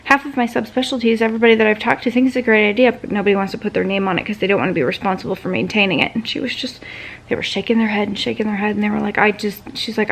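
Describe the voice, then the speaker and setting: A woman's voice: fairly high pitch, steady tone, quick pace, vocal fry, a little hiss or hum. A woman vlogger casually recounting a conversation, chatty and full of fillers like "um" and "like". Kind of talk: casual storytelling vlog.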